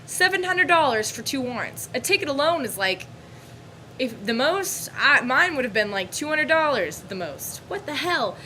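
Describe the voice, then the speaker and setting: A young woman vlogger telling a story about her bad day in a casual, animated, exasperated way. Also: high voice, normal speed, slight background noise, rough recording. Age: young adult.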